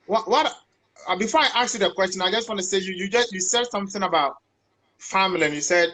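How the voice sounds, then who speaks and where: A man's voice: sits high, fast talker, bright, forceful tone, slight background noise. A man hosting a casual interview, affirming his guest and stumbling over his words as he asks questions. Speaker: interviewer host.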